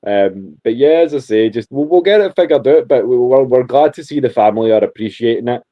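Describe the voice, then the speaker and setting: A man's voice: medium pitch, expressive, a little fast, highs cut off. A Scottish man co-hosting a podcast in casual chat, joking and laughing often, with frequent restarts. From Scotland. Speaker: podcast co-host.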